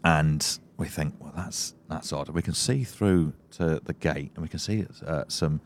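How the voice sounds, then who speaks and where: A man from England co-hosting a podcast, telling a story in a relaxed way and teasing his co-host. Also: very deep voice, measured pace. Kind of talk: casual chat. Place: their home.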